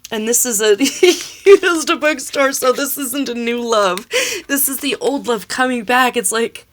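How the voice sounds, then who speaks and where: A woman's voice: a little high, measured pace. A young adult woman giving a casual tarot reading, emotional and exclamatory, laughing and tearing up as she talks. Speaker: tarot reader.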